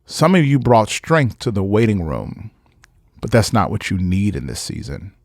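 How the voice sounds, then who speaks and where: A man's voice: lowish voice, very animated, normal speed, vocal fry, darkish tone, dry recording, studio quality. A man pastor delivering an emphatic podcast sermon, repeating phrases and breaking into casual asides. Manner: emphatic, repetitive, preacherly with conversational asides.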